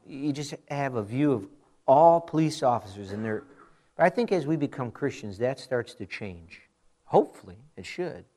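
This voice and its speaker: A man in his forties with a fairly high-pitched voice preaches a chatty sermon as a pastor, animating his stories and often stepping off into asides.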